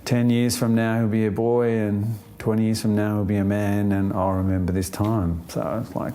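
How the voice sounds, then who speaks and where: Low, mellow-voiced man reflecting slowly. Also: level tone. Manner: thoughtful, unhurried, many fillers and restarts. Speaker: interviewee. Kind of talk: reflective interview answer.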